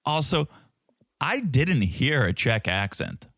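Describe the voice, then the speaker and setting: A man's voice: mid-range voice, big pitch swings, slow, fairly bright tone, no room sound, studio quality. A man from Connecticut co-hosting a podcast, recapping in a wry, joking way. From Connecticut, United States. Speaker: podcast co-host. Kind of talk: casual chat.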